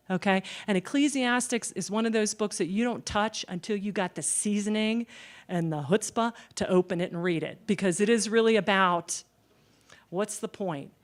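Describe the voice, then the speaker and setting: Woman telling a story with lively asides. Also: medium pitch. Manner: animated, folksy storytelling with frequent "okay?". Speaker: speaker at a Christian gathering. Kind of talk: storytelling talk.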